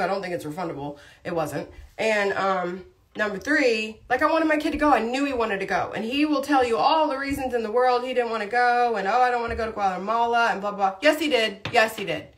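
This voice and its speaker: A woman's voice: mid-range voice, a bit bright. A woman chatting casually on a livestream, rambling through a story with lots of asides while doing her makeup. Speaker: livestream host, mom.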